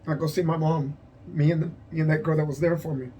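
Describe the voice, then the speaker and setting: A man telling a personal story as unscripted testimony, emotional and halting, repeating his phrases and sighing. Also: on the high side, fairly even intonation, mellow, slight background noise. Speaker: vlogger sharing a personal story.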